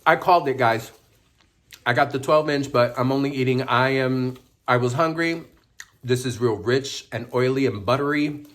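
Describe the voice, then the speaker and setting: A man's voice: medium pitch, normal speed, a bit bright. A man vlogging casually while eating a sandwich, chewing as he talks and mixing Spanish phrases into his English. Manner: eats and chews while talking. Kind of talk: casual mukbang vlog.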